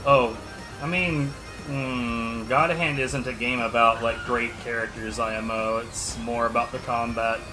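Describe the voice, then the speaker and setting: A man's voice: mid-range voice, steady tone, a little slow, background noise. A man streaming a game, chatting casually and answering viewers' questions in an offhand, sarcastic way. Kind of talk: casual livestream chat while gaming. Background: game music.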